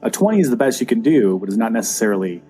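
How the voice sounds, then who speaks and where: A man's voice: on the low side, very animated, rapid-fire, dark tone, breathy edge, faint music behind. A man acting as dungeon master, patiently explaining the rules step by step. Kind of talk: running a tabletop game.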